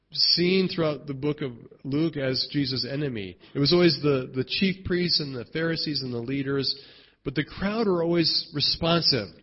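A pastor with a slightly high, breathy voice preaches a sermon conversationally, heard through lo-fi sound. He often asks "right?" and restarts his sentences.

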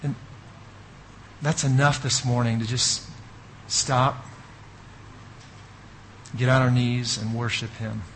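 A man preaching a sermon as a pastor, telling an animated story with asides to the audience. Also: medium pitch, takes it slowly, pauses often, slight background noise, low-quality recording.

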